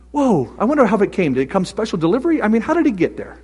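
A man preaching a sermon as pastor, swinging from loud exclamations to hushed whispers. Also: high voice, sing-song, fast, husky, in a large hall.

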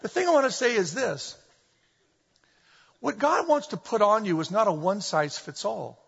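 A middle-aged man preaching a sermon, animated and full of humorous storytelling, recorded in a church hall. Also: high voice, moderate pace, vocal fry, breathy edge. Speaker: pastor. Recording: dull echoey hall recording.

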